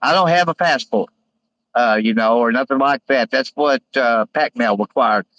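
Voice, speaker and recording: A man hosting a casual live stream, rambling with many halting fillers as he reads out viewer comments. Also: mid-range voice, a bit bright, no echo, muffled recording.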